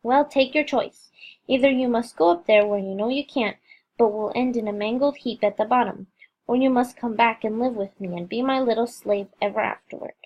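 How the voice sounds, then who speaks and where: A woman's voice: on the high side, a little fast, lo-fi sound, natural voice. A woman voicing a cruel, gloating male villain who taunts his victim in a storybook reading. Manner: mocking, sneering taunts.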